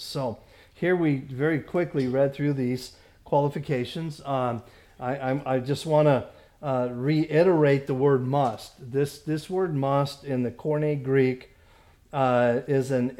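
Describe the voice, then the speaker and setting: A man teaching a Bible study as a pastor, halting with many fillers and restarts, stressing points emphatically. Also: medium pitch, darkish tone.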